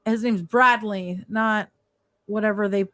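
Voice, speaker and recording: A woman's voice: medium pitch, steady tone, measured pace, fairly bright tone, no echo. A woman co-hosting a casual podcast chat, relaying details in a chatty way with fillers.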